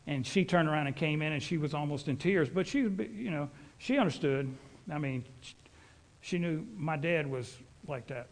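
A man's voice: on the high side, normal speed. A middle-aged man, preaching a sermon as a folksy, rambling storyteller.

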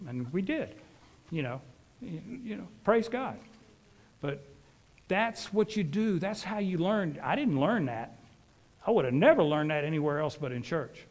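A middle-aged man, preaching a sermon as a folksy, rambling storyteller. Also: fairly high pitch.

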